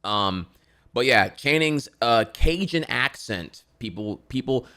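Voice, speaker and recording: A man's voice: medium pitch, lively intonation, slow pace, sharp tone, clean tone. A man from Florida streaming casual reaction commentary, rambling with lots of fillers and swearing.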